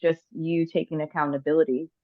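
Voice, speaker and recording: A woman's voice: sits low, level tone, fairly quick, dry recording. A woman hosting a podcast, speaking in a reflective, affirming way and often checking in with "right?". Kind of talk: casual chat. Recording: slightly dull lo-fi sound.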